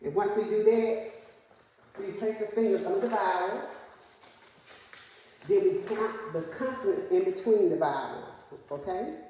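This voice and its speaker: Woman teacher in a classroom, dark mellow voice, lots of echo, asks questions to prompt answers. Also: medium pitch, a little slow, long pauses, slight background noise. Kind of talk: classroom instruction. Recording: echoey classroom with long reverb.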